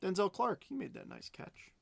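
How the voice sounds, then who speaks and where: A man's voice: high voice, sing-song, normal speed, creaky, a bit bright, dry recording. A man hosting a live card break stream, chatting as he calls out cards and bids. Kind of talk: live stream auction chat.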